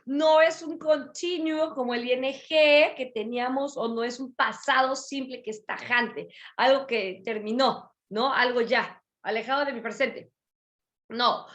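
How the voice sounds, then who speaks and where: A woman teaching English grammar in an online class. She moves between English and Spanish, explains patiently and repeats key phrases with lively emphasis. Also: high-pitched, unhurried. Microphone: video call.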